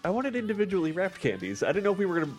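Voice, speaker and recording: A man's voice: sits high, sing-song, rapid-fire, soft background music. A man in his twenties, casually telling a joking story as a podcast co-host. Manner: chatty storyteller, jokey. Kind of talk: casual chat.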